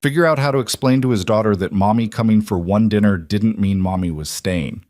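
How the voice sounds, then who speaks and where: A man narrating an emotional story in a calm, measured, scripted reading. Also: lowish voice, no room sound, clean studio sound.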